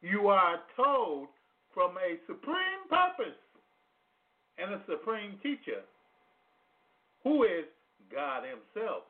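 A man preaching a teaching on a psalm, speaking slowly, repeating phrases for emphasis and putting questions to his listeners in casual vernacular grammar. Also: sits high, sing-song, creaky. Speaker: radio preacher. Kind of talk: slow sermon teaching on scripture. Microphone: phone call-in to internet radio. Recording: tinny phone-line audio.

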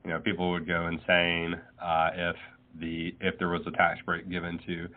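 A man's voice: low-pitched, completely flat delivery, moderate pace. A man, an accountant guest giving plain-spoken financial advice over a phone call. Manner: plain-spoken, laughs easily. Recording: tinny phone line.

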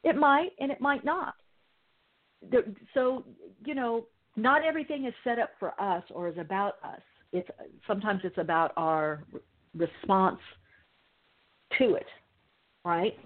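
A woman hosting a call-in radio show as a mystic healer, telling stories with animated quoted voices. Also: mid-range voice, measured pace, pauses often. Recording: narrow phone-like sound.

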